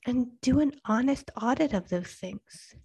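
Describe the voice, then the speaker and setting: A woman in her thirties giving an earnest devotional talk to mothers, slow and emphatic, sometimes dropping to a hushed near-whisper. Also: a little high, expressive, husky, rough recording. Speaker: Christian speaker to mothers.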